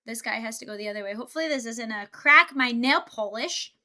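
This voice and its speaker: A woman's voice: on the high side, fairly quick, pushed and bright. A woman livestreamer chatting casually and laughing often, thinking aloud as she builds Lego.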